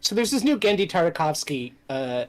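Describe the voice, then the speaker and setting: A man's voice: a little high, fairly quick, faint music behind, poor audio. A man co-hosting a casual podcast while playing a game, laughing often as he tells stories. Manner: laughs often, lively storytelling. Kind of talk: casual chat over gameplay.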